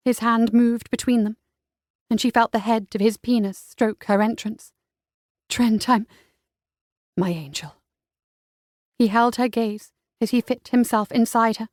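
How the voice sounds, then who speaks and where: A woman narrating a romance audiobook in an intimate, unhurried way. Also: fairly high pitch, flat delivery, darkish tone, dry recording, studio quality.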